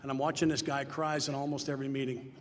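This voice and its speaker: An older man from Tennessee telling his recovery story to a gathered audience, earnest and plain-spoken, swelling into loud emphatic lines. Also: mid-range voice, little pitch movement, fast. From Nashville, Tennessee. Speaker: speaker at a recovery meeting. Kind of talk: personal testimony talk. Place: large hall before an audience. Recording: live hall with long reverb, faint noise.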